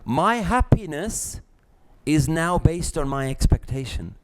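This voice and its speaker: A middle-aged man, teaching a live class, lively, acting out little scenes and laughing often. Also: on the high side, takes it slowly. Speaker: spiritual teacher.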